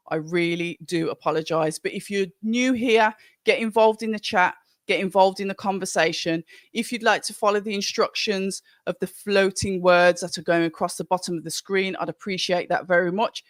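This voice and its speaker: A stream host with a Birmingham accent talks in a loose, rambling way and reads out names from the live chat. The voice sits at an ordinary middle pitch. The sound is dry and close, with no room echo. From Birmingham, England. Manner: chatty, rambling, greets viewers by name. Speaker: livestream watch-along host. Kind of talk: casual live commentary and chat reading.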